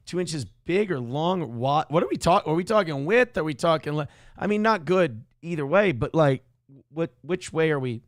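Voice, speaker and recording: Male host, wry reaction commentary, higher voice with a gravelly edge. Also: animated, unhurried, no echo, studio quality. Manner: sarcastic, joking, laughs often. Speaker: show host. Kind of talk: reaction commentary on a video clip.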